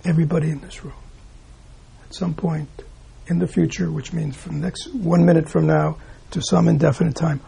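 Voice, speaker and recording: A man teaching a dharma talk to a gathered room, his voice deeply gravelly and husky, with a mellow, dark tone sitting a little high for a man. He reflects aloud, poses rhetorical questions and often sinks into a hush. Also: fairly even intonation, normal speed, rough recording. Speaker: Buddhist teacher. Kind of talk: dharma talk to a live audience.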